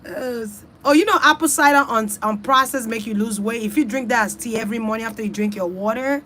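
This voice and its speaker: Woman host, casual rambling chat, swears freely, addresses viewers directly, a little high-pitched. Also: quick pace, a bit bright, slight background noise. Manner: loose, profane, chatty, talks straight to her audience. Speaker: online reader and host.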